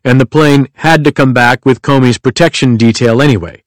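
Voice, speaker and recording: Man reading guarded male official, calm, formal, restrained, dry close sound. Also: mid-range voice, moderate pace, no echo, close to an everyday voice.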